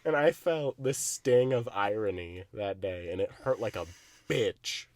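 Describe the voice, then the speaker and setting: A young man co-hosting a podcast, telling stories in a casual chat, animated, often laughing and swearing. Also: on the low side, measured pace, no room sound. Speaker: podcast co-host.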